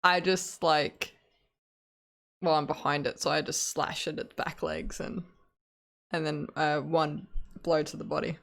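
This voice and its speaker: A tabletop player with a mid-pitched, gravelly voice, talking eagerly through turns over a call. Speech is chatty and quick to react. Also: level tone, fairly bright tone. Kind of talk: playing a tabletop game.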